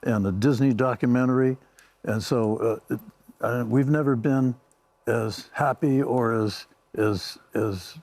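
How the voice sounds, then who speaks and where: An older man, a musician guest on a TV interview, speaking in slow, halting phrases. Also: mid-range voice, darkish tone, dry recording.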